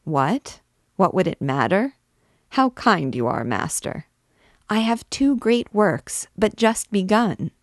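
A woman's voice: no echo, studio quality. A woman reading aloud and voicing a fretful, talkative male poet in a classic novel, anxious and pleading. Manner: excitable, pleading, quick and higher. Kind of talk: audiobook character reading.

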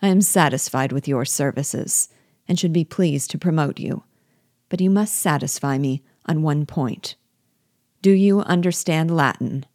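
A woman's voice: low-pitched, unhurried, darkish tone, no echo, studio quality. A woman reading an audiobook, voicing a cunning, imperious male rebel general who blusters with anger and mock learning.

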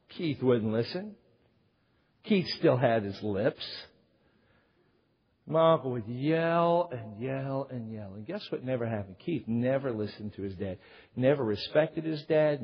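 A man preaching a sermon to a congregation as a pastor, telling family stories in an animated way. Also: mid-range voice, husky. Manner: animated storyteller, acts out yelling quotes. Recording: dull sound with long hall reverb.

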